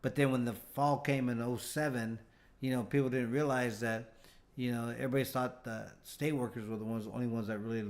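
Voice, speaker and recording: A man's voice: mid-range voice, steady tone, a little fast. A middle-aged man, a former fighter, telling long stories in a casual interview, rambling with restarts and acting out what others said. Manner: rambling, acts out quoted dialogue with restarts. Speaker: guest, former fighter turned bail bondsman.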